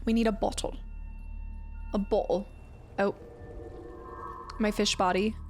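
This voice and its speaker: Over background game music, a woman plays a video game on stream and keeps up playful, silly chatter with her viewers. Her medium-pitched voice is slow, steady in tone, and somewhat dark, giving casual live commentary.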